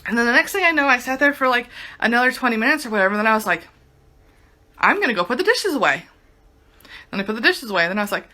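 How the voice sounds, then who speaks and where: Young woman rambling casually, bright high-ish voice, says like a lot. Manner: chatty, says "like" constantly. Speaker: product reviewer. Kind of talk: casual testimonial.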